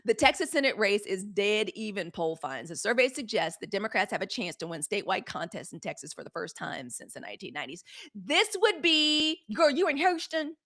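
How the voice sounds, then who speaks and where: A woman's voice: medium pitch, sing-song, brisk, sharp tone. A woman hosting a live news show, talking casually and bluntly to her chat viewers, with frequent profanity. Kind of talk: casual live-stream commentary.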